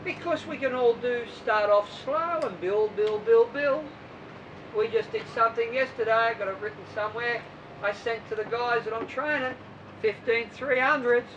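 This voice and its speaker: A woman's voice: on the high side, moderate pace, distant mic, dull audio. Woman swim coach, blunt and outspoken, talking to a squad; recorded off-mic, faint road noise. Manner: blunt, emphatic, mocks other coaches' methods. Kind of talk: informal coaching talk to athletes.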